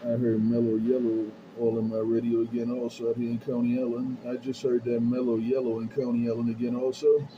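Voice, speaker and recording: A man speaks into a CB mic from his home base station, repeating his call sign and greetings in a sing-song way. The sound is dull and lo-fi, with clear static hiss behind him. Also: medium pitch, completely flat delivery, brisk, few pauses. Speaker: CB radio operator. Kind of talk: CB radio call-outs. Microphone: CB radio handheld mic.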